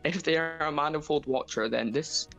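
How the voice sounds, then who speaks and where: Scottish man, gravelly voice, stammers, hesitant, mock confession on a call. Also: a little high, moderate pace, a bit bright, lo-fi sound, soft background music. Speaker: caller confessing.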